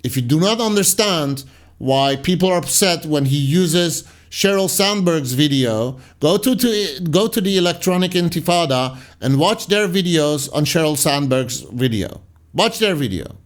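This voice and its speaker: A man reading viewer comments off the screen and arguing with them in a casual, rambling way. His voice sits a little higher than most men's. Sarcastic asides often sink into low mutters. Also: lively intonation, moderate pace. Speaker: commentary channel host.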